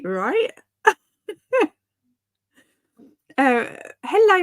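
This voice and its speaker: A woman's voice: fairly high pitch, expressive, takes it slowly, long pauses, fairly bright tone. A woman in her thirties hosting a casual live reading stream, chatting and giggling as she reads out viewer comments.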